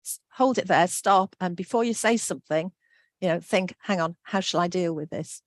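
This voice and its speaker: A woman's voice: on the low side, moderate pace, no echo, studio quality. A woman giving an online workshop talk, friendly and reassuring, reading out answers from the chat. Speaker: workshop presenter.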